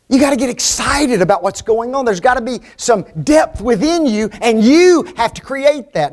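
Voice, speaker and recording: Emphatic high-voiced preacher man. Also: animated, normal speed, hardly any pauses. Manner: emphatic, rhetorical questions, swings between loud and hushed. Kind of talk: sermon.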